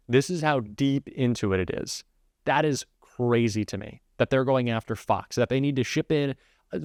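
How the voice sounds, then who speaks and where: A man's voice: medium pitch, dry recording, studio quality. A man giving political commentary in a sarcastic, scornful rant.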